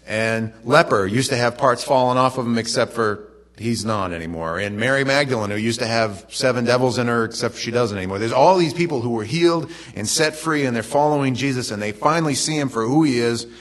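A middle-aged man preaching a sermon, telling the story in a relaxed, conversational way with lively asides to the congregation. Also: medium pitch, brisk. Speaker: pastor.

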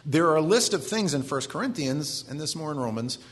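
Middle-aged pastor with a Maine accent. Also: male voice, on the high side, expressive, brisk. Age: 40s. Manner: conversational, self-deprecating asides. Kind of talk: sermon.

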